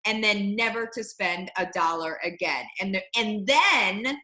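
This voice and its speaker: Bright, animated woman host. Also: mid-range voice, unhurried, roomy sound, low-quality recording. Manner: animated, emphatic, chatty with fillers. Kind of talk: casual chat.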